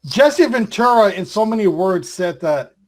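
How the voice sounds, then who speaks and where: Husky, lively-voiced male web show host. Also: high voice, a little slow, rough recording. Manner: tries to keep order, teasing. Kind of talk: casual chat hosting.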